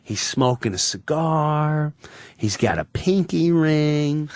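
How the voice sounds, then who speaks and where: A man from Long Island telling an animated story as a guest on a radio talk show, acting out the scene with hushed asides. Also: fairly high pitch, slow, dry recording, clean studio sound. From Long Island, New York. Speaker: comedian guest.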